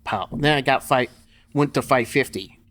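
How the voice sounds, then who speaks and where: A man's voice: mid-range voice, normal speed, a bit bright. A middle-aged man, a podcast guest, telling blunt, profane stories in casual conversation and laughing as he goes. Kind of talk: casual storytelling interview.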